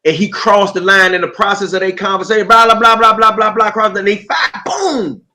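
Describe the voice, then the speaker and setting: A man in a casual conversation recalls what he saw and asks his host questions. His voice sits high for a man, and he talks in a relaxed, reflective way. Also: a little fast, soft background music.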